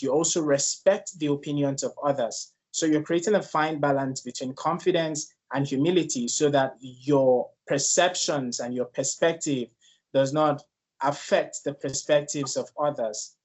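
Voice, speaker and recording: A man's voice: on the high side, unhurried. A man from Nigeria with a Nigerian accent, speaking earnestly and personally as a guest on a leadership panel discussion.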